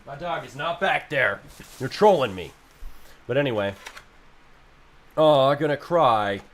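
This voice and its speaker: Young man, live streamer, casual frustrated rant, swears a lot, average pitch. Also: lively intonation, a little slow. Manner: frustrated, ranting, swears freely.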